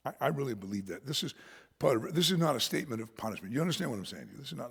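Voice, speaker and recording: A male pastor preaching a sermon, swinging from shouts to whispers and laughing often. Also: mid-range voice, very animated, fast, creaky, slightly rough, big-room sound. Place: church sanctuary.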